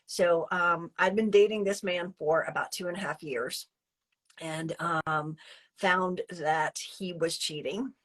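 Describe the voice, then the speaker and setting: A woman guest telling a personal story in an interview, chatty and animated, with fillers and restarts. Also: lowish voice, slow, a little hiss or hum. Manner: chatty and animated, many fillers and restarts, acting out her own past lines.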